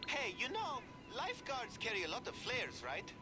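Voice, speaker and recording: An actor playing a brisk male mission contact in a video game, chatty and matter-of-fact as he passes on a tip over a call. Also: very high-pitched, wildly swooping pitch, music in the background, heavily acted. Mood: informative.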